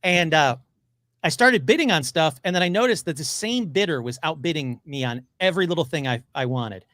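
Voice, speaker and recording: A man chatting as a podcast guest, excitable and gushing, rushing through his stories. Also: a little high, dry recording, studio quality. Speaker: podcast guest, paranormal investigator. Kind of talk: casual interview chat.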